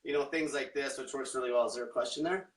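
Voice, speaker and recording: A man's voice: medium pitch, fast talker, far from the mic. A man coaching viewers in a blunt, combative rant full of swearing. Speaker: diet coach. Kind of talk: profane motivational rant. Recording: echoey room, off-mic.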